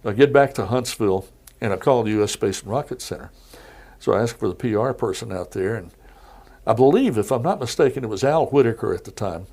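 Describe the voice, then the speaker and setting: A middle-aged man, a TV news anchor, telling anecdotes in a relaxed podcast interview. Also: lowish voice, fairly quick, slightly rough. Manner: easygoing anecdotal storyteller. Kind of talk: casual interview storytelling.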